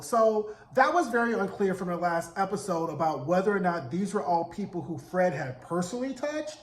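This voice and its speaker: Sassy high-voiced man recapping a show. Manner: sassy, animated, acts out characters' lines in quick voices. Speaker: TV recap vlogger. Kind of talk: casual TV episode recap. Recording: roomy echo.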